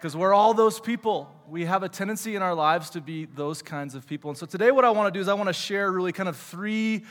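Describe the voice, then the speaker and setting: A man in his thirties gives a casual sermon in a church, his voice sitting high for a man. He jokes, asks the crowd rhetorical questions and fills pauses with "uh." His words ring out with a long hall reverb. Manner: chatty, joking, many fillers and rhetorical questions. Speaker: church teacher. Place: church sanctuary.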